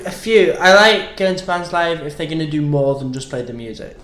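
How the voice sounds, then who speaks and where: A man's voice: a little high, animated, a bit bright, echoey room. A young man, a comedian guest on a podcast, talking in casual chat with self-deprecating jokes and lots of laughter. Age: young adult. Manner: self-deprecating, laughs a lot, slow and drawling.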